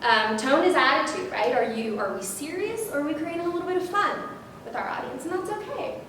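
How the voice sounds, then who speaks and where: Woman, workshop presenter, animated teaching, distant mic, booming echo, faint rumble. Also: fairly quick. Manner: lively, animated, tags points with "right?". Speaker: public speaking workshop presenter. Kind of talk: instructional workshop talk.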